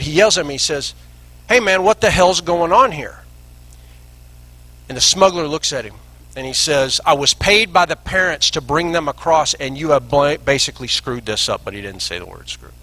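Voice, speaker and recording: A middle-aged man addresses a rally crowd with a bright, forceful voice. He tells his story earnestly and with emphasis, leaning on dramatic pauses. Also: mid-range voice, low-quality recording. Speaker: rally speaker.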